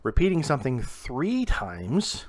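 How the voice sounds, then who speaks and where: A young man from Southern Ohio giving a short video sermon to camera, earnest and emphatic, slowing down and pausing to stress key words. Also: medium pitch, wildly swooping pitch. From Southern Ohio, USA. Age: young adult. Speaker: preacher.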